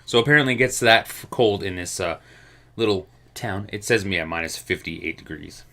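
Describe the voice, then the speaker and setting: A man from Canada co-hosting a casual news chat, animated and swearing, acting out quotes in high voices. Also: normal speed, creaky. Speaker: podcast co-host.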